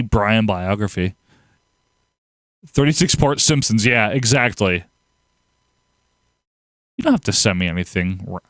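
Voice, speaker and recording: A man chats casually to his livestream audience, answering comments as they come. His pitch swings a lot as he rambles and laughs. The sound is dry and close to the mic. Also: dry recording. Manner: rambling, laughs often, animated outbursts. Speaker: livestream host. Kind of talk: casual livestream chat reading viewer comments.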